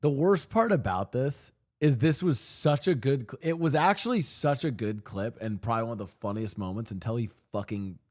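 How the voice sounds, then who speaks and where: A male streamer with an animated, swinging pitch and a medium voice. He rambles, swears casually and often restarts his sentences, picked up close on a desk microphone. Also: normal speed, hardly any pauses. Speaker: streamer reacting to videos. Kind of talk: casual reaction commentary. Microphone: streaming desk mic.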